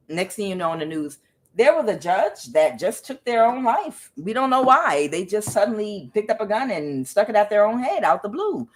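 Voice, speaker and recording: A woman's voice: medium pitch, sing-song, normal speed. A woman tarot reader giving a casual, emphatic spiritual reading, preachy and blunt, with some swearing.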